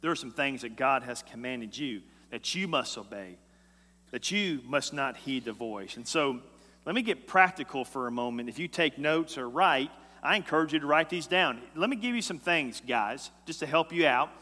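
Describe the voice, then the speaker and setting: A man preaching a sermon as a pastor, emphatic and swinging between loud and hushed lines. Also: mid-range voice, expressive, moderate pace. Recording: echoey hall.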